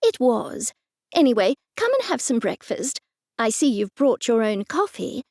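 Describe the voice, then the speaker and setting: A woman's voice: on the high side, very animated, a little slow, a little mellow, no room sound, studio quality, exaggerated voice. A woman voicing a bossy, fussing older aunt in an audiobook.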